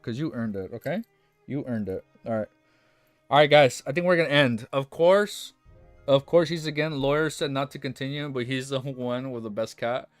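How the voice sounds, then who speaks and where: A young man on a casual livestream, reading a novel aloud and teasing his chat in a playful, animated way. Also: medium pitch.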